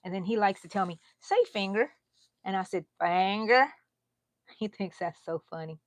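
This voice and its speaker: Hosting her crochet channel's relaxed livestream, this middle-aged Texan woman talks briskly in a steady, medium-pitched voice, with no room sound. She chats freely, laughing a lot and wandering off into quiet asides.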